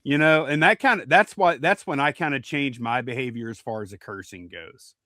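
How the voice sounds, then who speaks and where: A man's voice: mid-range voice, pushed and bright, dry recording. Podcast host guy, kinda hesitant, keeps restarting, dry sound no room. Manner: halting, thoughtful, restarts often. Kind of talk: casual podcast chat.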